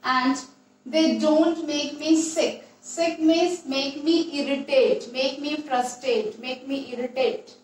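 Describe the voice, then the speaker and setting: A woman teacher, slowly explaining a poem to a class and repeating her points. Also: high-pitched, steady tone, a little mellow, slight background noise. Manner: slow, repetitive explaining with restarts. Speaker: English teacher. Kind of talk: classroom poetry lesson. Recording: echoey room, voice far from mic.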